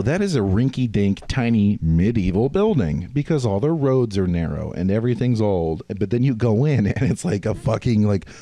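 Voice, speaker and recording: Brief: man, low-pitched podcast host, profane rambling storyteller, very animated. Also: no echo. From United States. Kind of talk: casual chat.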